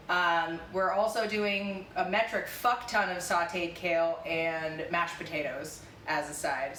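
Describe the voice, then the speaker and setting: A woman hosting a casual cooking livestream from her home kitchen, loose and quick to laugh, swearing casually. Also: fairly low pitch, pushed and bright. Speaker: cooking stream host. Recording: echoey kitchen, distant mic, faint hiss.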